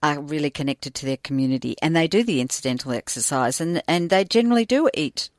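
A woman co-hosting a relaxed talk show, rambling and restarting her sentences. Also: deep voice, fast talker, no room sound, clean studio sound. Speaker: podcast co-host. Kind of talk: casual chat.

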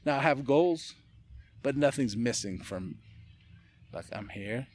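A man guest on a podcast, talking in a casual chat, telling animated stories with laughs and casual swearing. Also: medium pitch, takes it slowly, a little hiss or hum. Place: indoors, casual setting with a beer.

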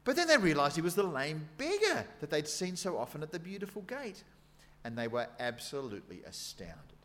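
A man's voice: on the high side, wildly swooping pitch, a little fast, a bit bright. An Australian man preaching a sermon. He tells the story in a conversational way and reads scripture aloud with dramatic emphasis.

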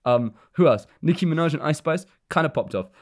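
A man's voice: on the high side, animated, brisk. A man co-hosting a podcast in a casual chat, rambling and joking and laughing often. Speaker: podcast co-host.

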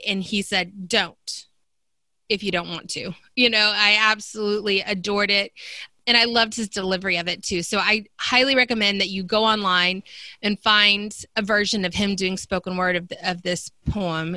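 A woman's voice: mid-range voice, bright, forceful tone, no echo. A woman from Texas, an educator co-hosting a podcast, chatting enthusiastically about books. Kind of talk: casual book chat.

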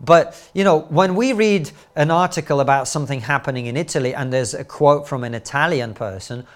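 A middle-aged man, a comedian and commentator talking as a podcast guest, an animated storyteller full of quick asides and rhetorical questions. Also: on the high side. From Soviet Union, raised later in Britain. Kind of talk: podcast interview.

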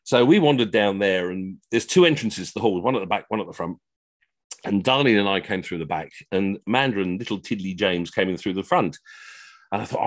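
A middle-aged man telling comic anecdotes on a video call, animated and slipping into funny voices for the people in his stories. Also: on the low side, brisk, no echo. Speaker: costumed Henry VIII entertainer telling stories.

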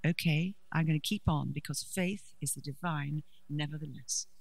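A middle-aged woman giving a preaching talk at a conference, a lively storyteller with dry humour. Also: deep voice, normal speed, gravelly, dry recording, poor audio. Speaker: conference speaker.

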